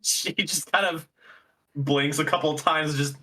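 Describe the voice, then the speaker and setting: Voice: mid-range voice, fairly even intonation, slow, sharp tone, distant mic. A tabletop player describing their character's actions, laughing often and with a scattered delivery. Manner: giggly, scattered.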